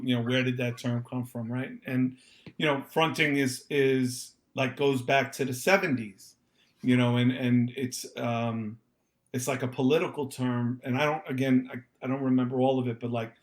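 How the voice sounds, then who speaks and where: A man chatting as a podcast guest, animated and joking, quick to laugh. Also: medium pitch. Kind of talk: casual chat.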